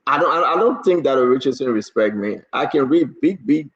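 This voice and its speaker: A man's voice: medium pitch, lively intonation, moderate pace, a bit bright, lo-fi sound. A man from Liberia with a Liberian accent, hosting a casual political talk show, teasing and pushing his guest with many restarts.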